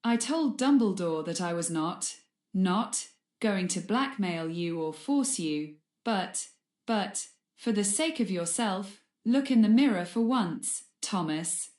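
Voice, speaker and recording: A woman narrator voices a fearful headmistress pleading with a bitter colleague in a fan-read storybook. The voice sits at a middle pitch and echoes in a roomy space. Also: lively intonation, takes it slowly, a little mellow. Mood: upset. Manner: pleading and upset. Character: fearful woman headmistress who finally shrieks. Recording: roomy echo.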